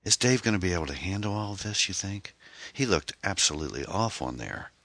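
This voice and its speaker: Casting: man reading as a tearful middle-aged ex-wife, pleading, voice pitched up from a very deep base. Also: expressive, a little fast, a bit bright, no room sound, heavily acted. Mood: worried.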